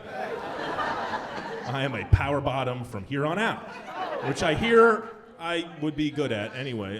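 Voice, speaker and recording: A young man performing a stand-up comedy set, animated, jumping into high-pitched punchlines. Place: comedy club stage. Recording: live club with long reverb.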